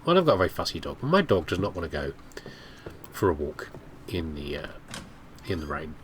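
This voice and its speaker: A man's voice: low-pitched, big pitch swings, fairly quick, noisy background. A man with a stuffy, nasal cold, rambling chattily while commentating on a game. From United Kingdom. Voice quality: nasal, blocked up. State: has a cold. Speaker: gameplay commentator. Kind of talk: casual let's play commentary.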